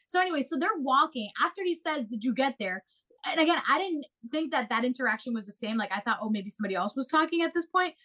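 Animated high-voiced young woman storyteller. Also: quick pace. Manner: animated, swears freely, acts out quotes. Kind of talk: casual storytelling chat.

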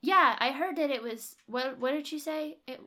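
A woman's voice: high voice, moderate pace, bright, forceful tone. A young woman co-hosting a podcast, chatting casually and reviewing a product with strong opinions and frequent laughs. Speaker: podcast co-host.

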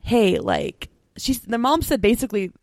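A young woman co-hosting a casual chat, talking fast with lots of "like" and little laughs. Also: a little high, animated, a little mellow, dry recording, studio quality. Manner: chatty, quick, full of "like" and little laughs. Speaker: co-host.

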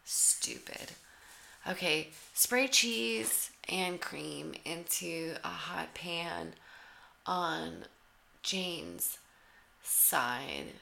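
A woman's voice: on the low side, very animated, drawn-out words, gravelly, sharp tone. A woman giving sarcastic, teasing play-by-play commentary over a cooking show. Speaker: comedic commentator.

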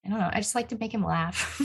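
A young woman in casual chat, bubbly and quick to laugh. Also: mid-range voice, creaky, slightly rough.

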